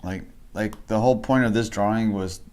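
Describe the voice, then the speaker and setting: A man livestreaming a portrait drawing, thinking aloud in a relaxed, rambling way, chatting with viewers and laughing often. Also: fairly low pitch, normal speed, a little hiss or hum. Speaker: art instructor livestreaming a drawing. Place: home art studio.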